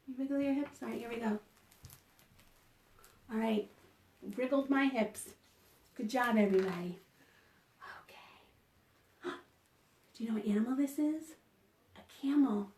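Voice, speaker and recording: High, slow-paced storytime librarian woman. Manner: animated and encouraging, with gasps of surprise and prompts to join in. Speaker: children's librarian. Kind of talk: online storytime reading picture books to children. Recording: roomy echo.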